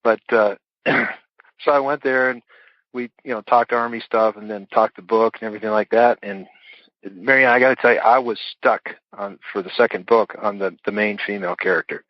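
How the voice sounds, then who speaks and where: A man's voice: on the low side, fairly even intonation, normal speed, dry recording. A middle-aged man, an author guest in a casual interview, rambling through stories with fillers and chuckles. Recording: dull dry lo-fi audio.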